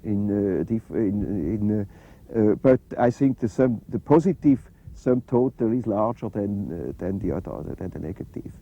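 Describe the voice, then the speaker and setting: Older man, halting and husky. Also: on the low side, phone-quality sound. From Switzerland. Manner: halting, many "uh" fillers and restarts. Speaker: interview guest. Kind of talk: reflective interview conversation.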